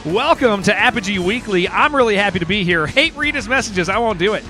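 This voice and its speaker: A man streaming games and chatting casually with viewers, excitable and rambling, saying "man" and "dude" all the time. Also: sits high, moderate pace, hardly any pauses, soft background music. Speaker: game streamer. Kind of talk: casual livestream chat with viewers.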